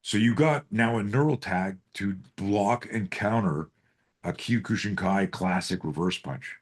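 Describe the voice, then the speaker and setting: Guy coaching self-defense on a video call, swears a lot, lowish voice, keeps asking if you're tracking. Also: unhurried. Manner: profane, animated storytelling with rhetorical questions. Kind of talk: live group coaching call.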